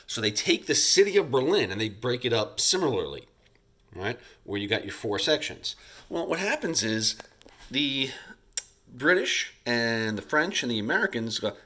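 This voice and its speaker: Recording alone at home during a school shutdown, a male teacher gives a casual history lecture over slides. His medium-pitched voice is sharp and sing-song; he speaks chattily and loosely straight to his students, acting out leaders in quick bits.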